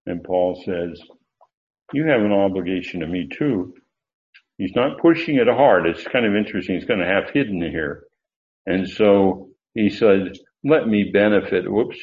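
A man teaching a Bible study lecture, explaining Greek grammar with asides and self-corrections. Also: lowish voice. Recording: dull lo-fi recording.

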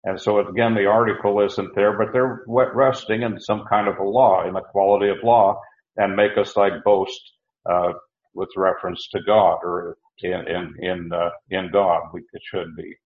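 A man giving a verse-by-verse Bible teaching, halting and restarting often, slowing down to stress key words. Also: low voice, fairly even intonation, narrow, tinny audio. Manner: halting, with many restarts and uhs.

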